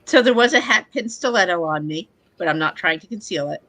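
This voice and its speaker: A woman's voice: lowish voice, lively intonation, a little fast, fairly bright tone, rough recording. A woman playing a tabletop game, speaking politely with slight stammers. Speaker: player. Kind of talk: tabletop role-play, casual.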